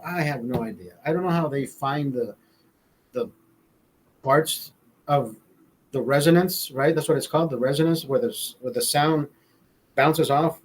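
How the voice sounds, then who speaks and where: A man with a husky, slightly higher-pitched voice chats casually from a studio, swearing freely. He wanders through his stories with frequent restarts and asides, unhurried and informal. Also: low-quality recording. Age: adult, father. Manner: profane, restarts often, storytelling. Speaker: show host. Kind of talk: casual rambling chat.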